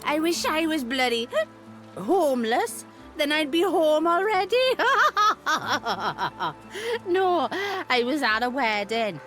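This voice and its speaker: A tipsy, self-important dwarf lady who slurs and huffs with indignation. Her voice sits high and bounces widely in pitch, drawled out slowly, over faint game music. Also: big pitch swings, fairly bright tone, heavily acted. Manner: slurring, giggly, indignant. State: drunk. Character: drunk, giggly dwarf woman, well-dressed and self-important. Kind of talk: video game voice acting.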